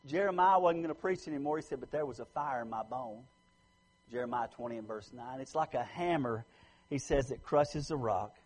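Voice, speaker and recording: Husky-voiced man preaching a sermon. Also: fairly quick, poor audio. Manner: lively preaching, rising loud for emphasis then dropping low.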